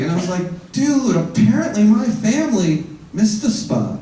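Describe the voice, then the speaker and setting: A man's voice: high voice, normal speed, hardly any pauses, distant mic, background noise. A young man from the United States performing a stand-up comedy set, acting out both sides of his stories. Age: young adult. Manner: animated, acts out both sides of dialogues. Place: live comedy stage in a venue. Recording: roomy live venue, heard from afar, faint crowd.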